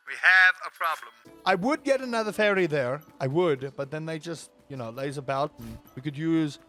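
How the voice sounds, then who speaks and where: Playful man commenting on a game. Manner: playful, theatrical, bursts into high panicked yelps. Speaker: gaming video creator. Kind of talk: let's play commentary.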